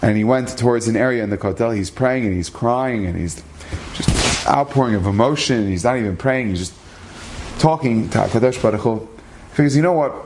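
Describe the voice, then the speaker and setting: A man's voice: medium pitch, a little fast, background noise. A man telling a religious story as a lesson, earnest, acting out the dialogue and using Hebrew terms.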